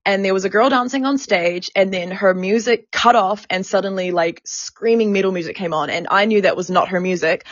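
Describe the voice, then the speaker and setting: A frank woman podcast host telling her story with animation and plenty of swearing. Her voice sits mid-pitch. The sound is muffled and lo-fi, dry and close. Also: a little fast, few pauses, no echo. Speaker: podcast host and sex worker activist.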